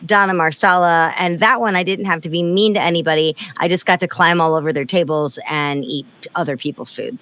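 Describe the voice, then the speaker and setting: A woman's voice: fairly low pitch, a little fast, few pauses, fairly bright tone. A woman talking casually as a podcast guest. She explains things with a wry, dry touch and tells her stories at an easy conversational pace.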